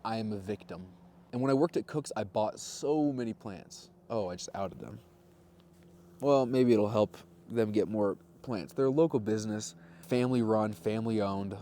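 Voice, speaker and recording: A man in his twenties telling a rambling, self-mocking personal story in a casual vlog monologue, with deadpan jokes. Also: on the low side, normal speed, a little hiss or hum. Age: 20s. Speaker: vlogger.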